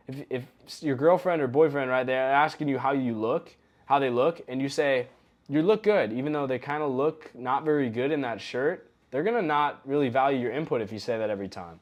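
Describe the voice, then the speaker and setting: Man, young adult, online coaching lesson, casual, acts out example lines, mid-pitched voice. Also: a little fast, highs cut off. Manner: conversational, acts out example phrases. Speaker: coaching course instructor.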